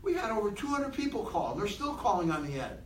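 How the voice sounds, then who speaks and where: A man giving an animated motivational talk to a room of people, asking them many questions. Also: high-pitched, fast, roomy sound, far from the mic, slight background noise, low-quality recording. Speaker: motivational speaker.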